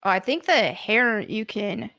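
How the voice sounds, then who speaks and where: An American woman streaming live from home, chatting excitedly as she unboxes collectible figures at her desk mic. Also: mid-range voice, measured pace. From United States. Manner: excitable and gushing, with gasps and laughs.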